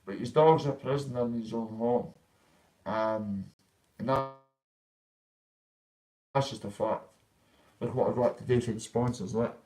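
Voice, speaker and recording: A man's voice: medium pitch, fairly even intonation, unhurried, pauses often, rough recording. Young man, casual ranting vlog, blunt, swearing. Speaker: vlogger.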